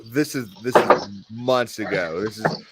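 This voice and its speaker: A man's voice: fairly low pitch, unhurried, very noisy. A man hosting a casual stream hangout, chatting loosely with lots of fillers and rambling stories. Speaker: stream host. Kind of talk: casual chat.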